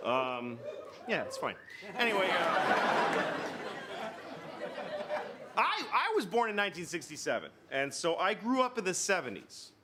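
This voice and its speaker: A man in his fifties doing stand-up comedy, telling stories in an exasperated, animated way. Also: sits high, unhurried, long pauses, background noise. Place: stage before a live audience. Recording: live show with loud crowd laughter.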